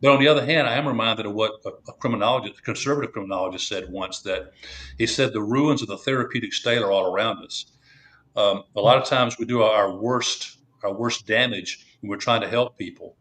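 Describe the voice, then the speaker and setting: A man in his sixties, a guest on a podcast, speaking in a measured, thoughtful way and often restarting his sentences. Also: fairly low pitch, a bit bright. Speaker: true crime channel creator, guest. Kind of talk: conversational podcast interview.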